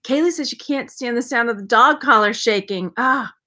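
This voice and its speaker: Chatty woman, slightly high voice. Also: normal speed, sharp tone. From Texas. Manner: chatty and playful, makes silly sound effects. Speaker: vlogger unboxing purses. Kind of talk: casual live-stream chat.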